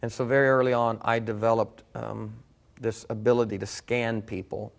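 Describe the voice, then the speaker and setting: Gravelly, earnest man. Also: medium pitch, little pitch movement, moderate pace. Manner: earnest, reflective storytelling with restarts. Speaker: guest preacher. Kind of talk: personal testimony in conversation.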